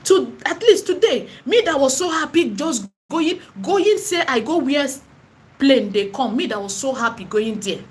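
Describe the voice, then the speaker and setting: High-voiced Nigerian woman preaching. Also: animated, unhurried. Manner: emphatic and repetitive, slipping into Pidgin and Igbo. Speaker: online seller and spiritual vlogger. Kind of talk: impassioned preaching monologue.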